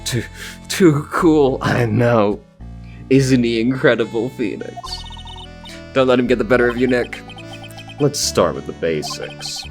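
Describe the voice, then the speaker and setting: A man's voice: medium pitch, expressive, a little slow, vocal fry, long pauses, faint music behind, voice pushed up. A man voicing a peppy, cheerful young female sidekick with a perky, encouraging manner.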